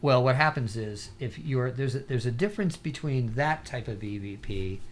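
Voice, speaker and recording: A man talking as an interview guest, a diver telling stories in an animated, rambling way with lots of "you know". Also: medium pitch, moderate pace, a little hiss or hum. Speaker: guest, scuba diver and paranormal investigator. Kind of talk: casual interview chat.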